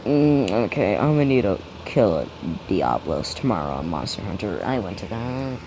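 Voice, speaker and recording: A young man spins a made-up fan story off the cuff, swearing freely and restarting his sentences. His voice sits a bit low. A steady background noise runs under the whole recording. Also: normal speed. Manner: rambling, profane, lots of restarts. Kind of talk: improvised fan-fiction storytelling.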